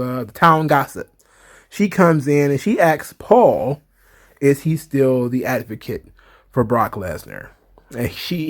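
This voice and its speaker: A man hosting a casual wrestling recap, chatty and laughing often, with many fillers. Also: on the high side. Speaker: wrestling commentary host.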